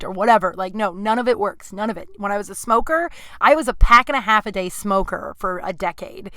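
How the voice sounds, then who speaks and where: This podcast host, a woman in her thirties recording at home in her apartment, rambles through casual stories loaded with fillers and asides. Her mid-range voice is bright and forceful, brisk with hardly any pauses, and the recording is dry.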